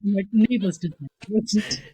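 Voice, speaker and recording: A woman in her thirties with an Australian accent, telling a classroom story as a guest teacher in a lively, casual way. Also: medium pitch, moderate pace, husky. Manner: animated, swears casually.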